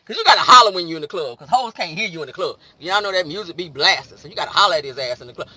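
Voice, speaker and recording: A man with a high, very bright voice dishes celebrity gossip in a sassy, animated way. He leans into mock voices and punchy asides, talking straight to his audience like a host catching up with regulars. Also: fast, breathy edge. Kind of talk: casual gossip commentary.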